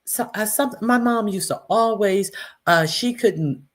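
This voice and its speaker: A woman's voice: mid-range voice, unhurried. A woman hosting a casual chat, telling stories with frequent laughter and cheerful profanity. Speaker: host.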